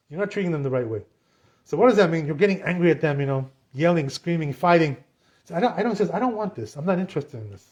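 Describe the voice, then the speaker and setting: Rabbi, man, high-pitched; lively storyteller who acts out the dialogue. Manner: animated retelling, acts out dialogue, frequent "you know". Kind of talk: storytelling Torah class.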